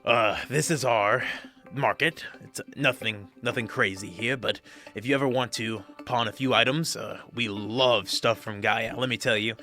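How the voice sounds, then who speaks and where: A huge, genial male ogre, as a man puts him on for a tabletop game, speaking slowly in a bright, forceful voice. He sounds friendly but a touch condescending, with soft music playing behind. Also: medium pitch.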